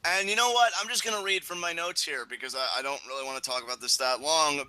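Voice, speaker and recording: A young man with a very bright, forceful voice, chatting casually as a co-host of a wrestling review. He talks emphatically, swears freely and breaks into animated bursts when something excites or annoys him. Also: a little high, fast talker, hardly any pauses, poor audio. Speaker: podcast co-host.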